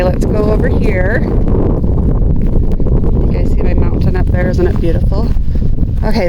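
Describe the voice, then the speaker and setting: A woman's voice: a little high, heavy background noise. A middle-aged woman chatting to viewers while she gathers flowers in her outdoor garden, filmed by a camera on a tripod. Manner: chatty, gushing over flowers, talks to viewers while cutting. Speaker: gardening vlogger. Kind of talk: casual garden vlog talk.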